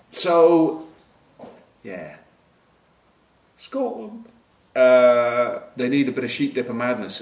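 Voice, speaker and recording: A man giving a casual rugby match preview, wry and joking, with lots of fillers and asides, recorded on a camcorder at a distance. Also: lowish voice. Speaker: rugby pundit. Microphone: camcorder mic at a distance. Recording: roomy, distant camcorder sound.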